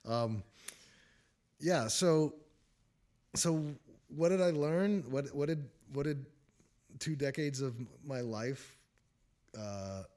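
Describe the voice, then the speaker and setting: A man's voice: medium pitch, expressive, slow pace, long pauses, darkish tone. A man hosting a casual spiritual talk, rambling through his testimony and chuckling often. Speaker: host of a spiritual talk show.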